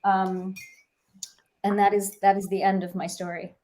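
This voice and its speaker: A woman's voice: medium pitch, level tone, measured pace, mellow. Woman voice actor, jet lagged, teasing and casual. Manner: playful, self-mocking. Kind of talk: casual livestream chat.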